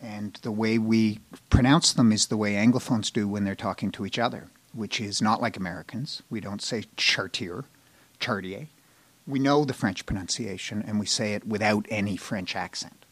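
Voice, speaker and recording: A man speaking as a TV showrunner at a live panel, frank and animated, acting out people's reactions. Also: on the low side, moderate pace, no echo. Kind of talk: candid panel talk. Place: live event with an audience.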